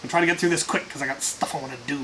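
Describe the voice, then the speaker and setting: A man's voice: a little high, fairly even intonation, rapid-fire. A man hosting a casual viewer Q&A, answering in a dry, offhand way with restarts and fillers. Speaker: host answering viewer questions. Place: workshop. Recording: faint hiss.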